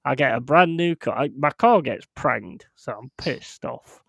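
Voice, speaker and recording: A man's voice: mid-range voice, expressive, measured pace, gravelly, fairly bright tone, breathy edge, no room sound, clean studio sound. A young man hosting a stream, swearing freely and laughing as he tells rambling stories. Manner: swears heavily, laughs through rambling anecdotes. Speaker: streamer hosting a football watchalong. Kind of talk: casual chat.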